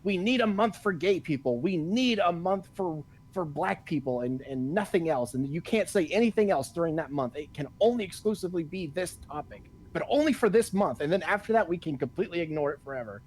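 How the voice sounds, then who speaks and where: A man's voice: fairly high pitch, expressive, fairly quick, hardly any pauses, a little mellow, slight background noise. A man co-hosting a podcast in casual chat, ranting with a lot of swearing and frequent laughs. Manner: profane, ranting, laughs often. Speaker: podcast co-host.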